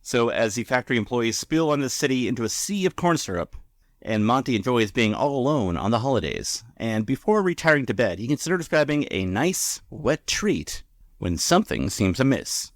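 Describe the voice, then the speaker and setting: A man's voice: medium pitch, big pitch swings, moderate pace, dry recording. A man casually recaps a cartoon episode on a podcast, wandering through his thoughts with lots of fillers. His voice sits mid-range and sounds dry and close. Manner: rambling, filler-heavy. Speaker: podcast co-host.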